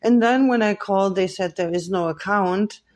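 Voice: medium pitch, normal speed, a little mellow. Earnest podcast host with mid-range voice. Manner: earnest, accusing, frequent hesitant "uh" fillers. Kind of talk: solo podcast monologue.

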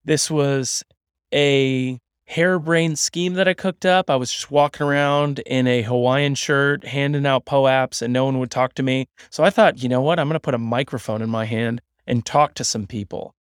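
A man hosts a podcast in a loose, upbeat, conversational way. His voice sits at an ordinary middle pitch. The sound is dry and close, with no room echo. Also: steady tone, moderate pace, clean tone. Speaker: podcast host. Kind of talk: casual podcast chat.

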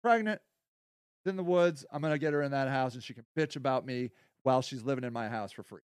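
Blunt, rambling podcast host, dry sound. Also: male voice, medium pitch, quick pace, smooth, no echo. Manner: rambling, blunt and profane, swings from quiet to heated. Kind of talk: casual monologue.

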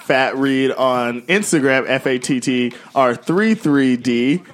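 A man co-hosting a casual sports podcast, loud and joking, laughing often. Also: medium pitch, slow. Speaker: podcast co-host. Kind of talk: casual chat.

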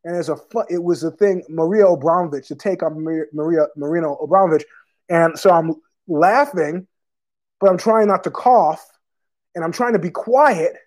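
A man with a fairly high voice hosts his own podcast and rambles through stories, swearing freely and piling on fillers. He is fighting a cough as he talks. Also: moderate pace, a little mellow. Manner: profane, digressive storytelling with many fillers. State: has a cough. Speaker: podcast host. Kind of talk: casual rambling monologue.

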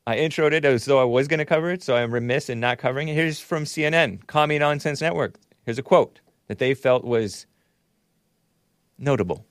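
A man's voice: medium pitch, moderate pace, no room sound, studio quality. Sarcastic rambling male talk show host. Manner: sarcastic, rambling, mocking asides; spells out names and stumbles over pronunciations. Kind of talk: opinionated talk show monologue.

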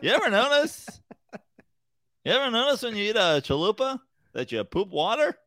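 A man's voice: high voice, sing-song, normal speed, bright, forceful tone, no room sound, clean studio sound, pitched above the performer's own voice, full character voice. A man voicing an observational stand-up comic with a raised, sing-song delivery. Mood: mocking.

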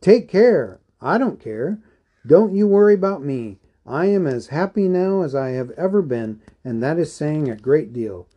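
A man reading aloud and voicing an elderly male hobbit, fussy and excitable, with a brisk, fretful manner. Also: mid-range voice, lo-fi sound, close to an everyday voice. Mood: gleeful. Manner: brisk, fretful, then gleeful. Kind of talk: audiobook character reading.

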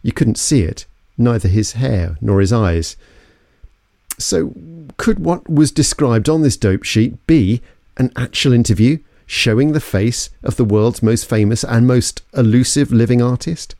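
A man's voice: medium pitch, a little slow, warm tone, no room sound, clean studio sound. A man from London narrating an investigative story in a suspenseful, scripted way. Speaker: podcast narrator.

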